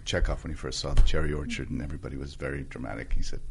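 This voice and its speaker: A man, an actor, chatting casually and telling lively stories, acting out quoted lines. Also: racing, vocal fry, background noise. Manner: animated storyteller, acts out quotes in a high voice. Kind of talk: casual chat.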